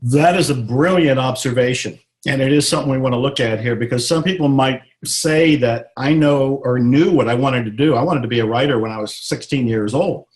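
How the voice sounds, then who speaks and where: A middle-aged man from Texas, a guest author in an interview, talking earnestly and reflectively and slowing down to stress his points. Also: medium pitch. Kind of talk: interview, motivational talk.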